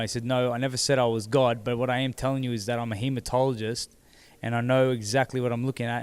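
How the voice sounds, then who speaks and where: A man, seated as an interview guest, telling his own story in a halting way that repeats words as he goes. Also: medium pitch, clean tone. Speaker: interview guest, former boxing champion. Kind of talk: candid personal storytelling.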